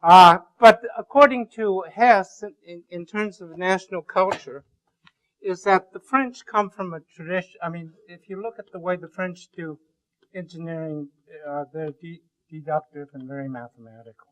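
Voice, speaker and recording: Male lecturer, slightly raised pitch, digressive and jokey, stumbles and restarts often in front of a class. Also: a bit bright, rough recording. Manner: rambling and joking, with many halting restarts. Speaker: university lecturer.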